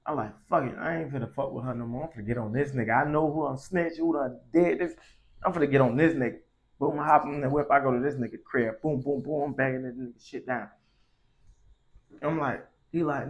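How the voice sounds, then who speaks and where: A man's voice: on the high side, brisk. A young man telling a story casually, in slangy and profane speech that grows heated. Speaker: vlogger.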